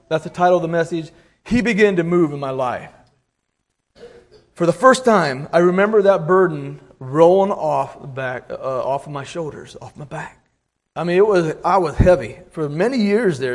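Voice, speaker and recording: A middle-aged man giving an informal sermon, halting and repeating words, clearing his throat often and reading scripture aloud in old-fashioned wording. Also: fairly high pitch, darkish tone. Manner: reads scripture aloud in King James wording. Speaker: lay preacher.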